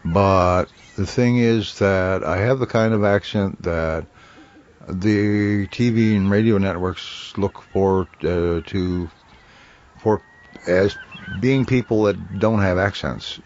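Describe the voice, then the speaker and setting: A man with an Upper Midwestern accent, hosting a casual podcast chat in a relaxed, easygoing way. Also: lowish voice, takes it slowly. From northern Minnesota, US. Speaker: podcast host. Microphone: home computer mic. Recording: dull lo-fi audio with faint hiss.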